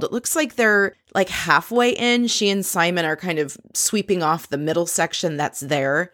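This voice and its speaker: A woman casually recapping a reality show scene by scene, chatty and quick to laugh. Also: on the low side, a bit bright, dry recording, studio quality. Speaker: recap podcast host.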